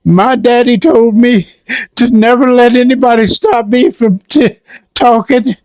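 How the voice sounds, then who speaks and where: A man's voice: very high-pitched, measured pace, darkish tone, no echo, pitched above the performer's own voice. An older man voicing a defiant skinny young girl, earnest and insistent.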